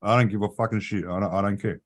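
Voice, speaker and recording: A man's voice: lowish voice, fairly even intonation, fast talker. A man in casual chat, ranting mouthily with plenty of swearing. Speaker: live stream host.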